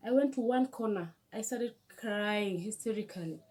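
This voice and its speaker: A young woman with a Kenyan accent, telling a storytime vlog in an animated, emotional way with many restarts. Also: medium pitch, moderate pace, slightly rough. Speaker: vlogger.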